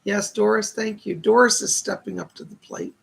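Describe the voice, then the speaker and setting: A man's voice: sits high, steady tone, normal speed, low-quality recording. A man giving live psychic readings, relaying spirit messages with constant "she said" tags. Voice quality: gravelly, husky. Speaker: psychic medium.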